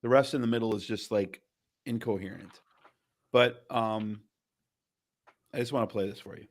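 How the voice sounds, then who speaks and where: A man's voice: lowish voice, moderate pace. A man hosts a live political chat stream. His talk is loose and casual, full of ums, restarts and asides as he sets up clips. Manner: casual, filler-heavy, loose. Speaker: host.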